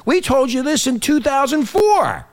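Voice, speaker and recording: A man hosting a political talk radio show, emphatic and animated, reading from a text between remarks. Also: unhurried. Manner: animated, emphatic, swinging from low grumble to high exclaim; reads aloud from a written text between remarks.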